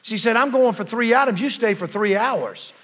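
A man preaching a sermon, telling folksy stories and building to loud, emphatic declarations. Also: high voice, normal speed, slightly rough. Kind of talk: sermon with storytelling.

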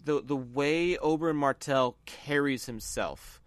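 A man's voice: fairly high pitch, measured pace, no echo. A man from the American South co-hosting a podcast, chatting casually and enthusiastically about movies, often restarting his phrases. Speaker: podcast co-host.

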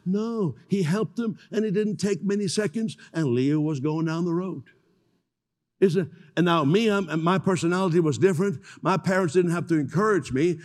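An older man preaching a sermon as pastor, telling stories with animated acted-out voices. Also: on the high side, long reverb tail. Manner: animated storytelling, acts out voices.

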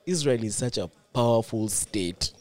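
A man's voice: mid-range voice, expressive, moderate pace, a little mellow. A man co-hosting a podcast in casual chat, speaking earnestly and stumbling over words. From Uganda. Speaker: podcast co-host.

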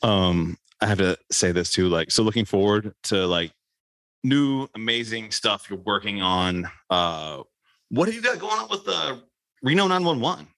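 Dude hosting a podcast, lowish bright voice, swears a lot, rambles and laughs. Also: male voice, animated, moderate pace. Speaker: podcast host. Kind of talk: casual podcast chat.

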